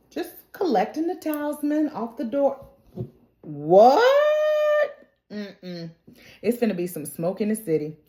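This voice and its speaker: A woman recapping a TV episode in a lively, casual, very reactive way. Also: on the high side. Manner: lively, colloquial, reacts loudly. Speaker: TV recap YouTuber. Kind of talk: animated show recap. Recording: roomy echo.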